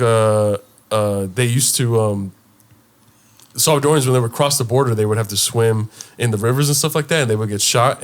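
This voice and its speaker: A young man, a podcast guest, telling stories in casual chat and acting out the people in them. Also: medium pitch. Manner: animated, acts out quoted voices loudly. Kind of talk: casual storytelling.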